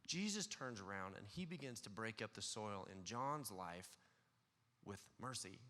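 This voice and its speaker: A male pastor delivers a sermon in a bright, forceful voice. He is earnest, drops to near-hushed tones, then climbs to loud excitement. His words ring through a church hall with a long reverb. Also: lowish voice, measured pace. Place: church sanctuary.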